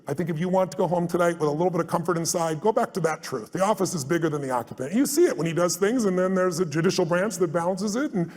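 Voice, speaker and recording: A man's voice: high-pitched, darkish tone. A man speaking to a live audience in a large hall, telling stories and driving home his points in an emphatic, blunt way. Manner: emphatic and blunt, swears for force, acts out anecdotes. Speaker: speaker and guest on a live stage tour. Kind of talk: motivational storytelling to a live audience. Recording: long hall reverb at a live event.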